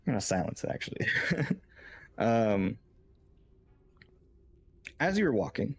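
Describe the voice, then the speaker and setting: Guy running a tabletop game, low creaky voice, rambly with lots of ums. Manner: loose, with many fillers. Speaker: game master.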